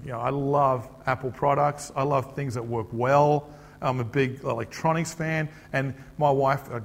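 A man's voice: mid-range voice, in a large hall. A middle-aged man with an Australian accent, preaching a chatty, joking sermon and asking the audience questions. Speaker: pastor. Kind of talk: conversational sermon.

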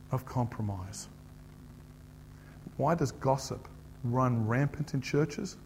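A man's voice: medium pitch, long reverb tail, slight background noise. A middle-aged man with an Australian accent, preaching a chatty, joking sermon and asking the audience questions. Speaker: pastor. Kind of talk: conversational sermon.

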